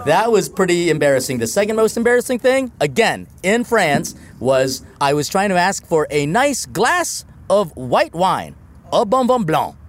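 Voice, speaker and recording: Animated high-voiced priest telling stories. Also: male voice, moderate pace, few pauses. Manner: animated, laughing, mimics voices in anecdotes. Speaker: priest, co-host. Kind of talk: storytelling at a live Q&A. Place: outdoors on a river cruise ship deck.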